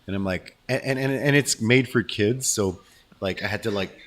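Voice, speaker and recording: A middle-aged man hosting a casual chat over food, telling animated stories and acting out quotes. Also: on the low side, moderate pace. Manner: animated storyteller, acts out quotes.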